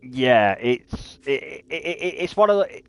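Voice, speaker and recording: A chatty British man in his thirties rambles while he plays a game on stream. He keeps tripping over his words and repeating them before he gets a sentence out. His voice sits at an ordinary middle pitch for a man. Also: big pitch swings, slow pace, clean tone. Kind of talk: casual chat while gaming on stream.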